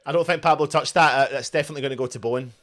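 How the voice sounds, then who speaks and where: Racing along in a mid-range voice with fairly even intonation, a man hosts a live fan watchalong of a football match. He commentates on the action as it unfolds, cheering his team by shouting, chanting, and celebrating goals.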